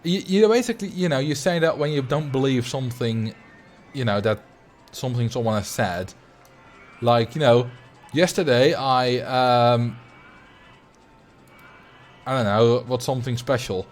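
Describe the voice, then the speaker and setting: A man with a Dutch accent chatting casually while he livestreams a game, rambling and thinking out loud at a desk mic. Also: medium pitch, a little slow, soft background music. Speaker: streamer.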